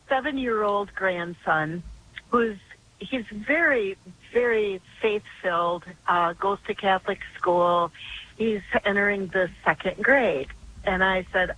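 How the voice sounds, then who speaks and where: Older female caller, bright and clear, earnest and chatty, over a phone line with faint hiss. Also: mid-range voice, unhurried. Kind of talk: phone-in call.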